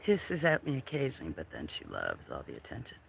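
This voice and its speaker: A woman hosting a casual farm livestream, softly chatting and cooing baby talk to cats, sometimes dropping to a whisper, on a camera mic. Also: extremely low pitch, wildly swooping pitch, brisk, vocal fry, slight background noise. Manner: soft-spoken, drifts into whispers.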